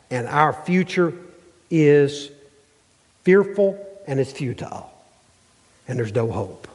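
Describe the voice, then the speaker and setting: A male pastor preaching a sermon with emphatic, rhythmic delivery and dramatic pauses. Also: mid-range voice, husky. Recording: long hall reverb.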